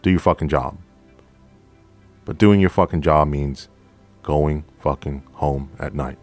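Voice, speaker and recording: A man hosting a podcast, a police officer telling a story from the job in a profane, animated way, acting out both sides of the dialogue. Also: rumbling low, a little slow, faint music behind. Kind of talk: storytelling monologue.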